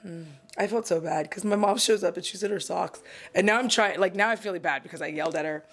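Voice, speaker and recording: A woman's voice: fairly low pitch, fast. A woman doing a casual get-ready-with-me vlog, talking in a chatty, rambling, candid, self-deprecating way while she does her makeup at home. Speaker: beauty vlogger.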